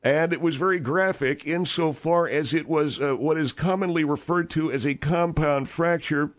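In a radio comedy monologue, a man plays a boastful, rambling older steakhouse owner who is full of his own importance. His voice sits on the high side and moves at a normal speed, with only light acting.

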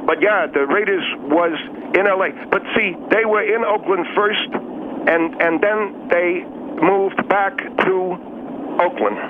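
A man's voice: high-pitched, slow pace, pitched above the performer's own voice. A man voicing a stubborn, condescending middle-aged male caller with a North Dakota accent, speaking over a phone line. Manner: condescending, testy, evasive. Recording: tinny phone line with hiss.

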